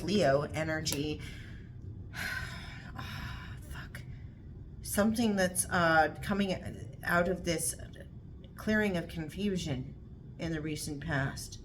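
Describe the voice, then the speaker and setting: Casting: low-voiced woman tarot reader, blunt, casual, swears a lot, faint room hiss. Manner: blunt, swears freely, repeats phrases. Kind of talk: casual tarot reading to camera.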